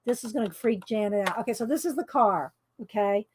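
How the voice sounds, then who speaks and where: A middle-aged woman, chatting loudly and laughing often as she tells stories while coloring. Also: medium pitch, a little fast, a little hiss or hum. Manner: chatty storyteller who laughs often and talks loud. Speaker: coloring video host. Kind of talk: casual chat while coloring.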